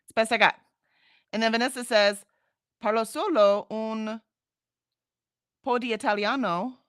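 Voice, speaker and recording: A woman's voice: a little high, a little slow, long pauses, a bit bright, smooth, no echo, clean studio sound. Chatty woman reading out chat. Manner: chatty, laughs often, reads chat messages aloud. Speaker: livestream host. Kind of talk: casual chat reading viewer comments.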